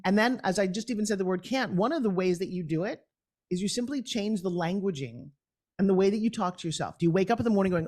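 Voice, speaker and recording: A middle-aged woman, a guest on an interview show, talking in an energetic, emphatic and upbeat way. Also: medium pitch, fast talker. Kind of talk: conversational interview.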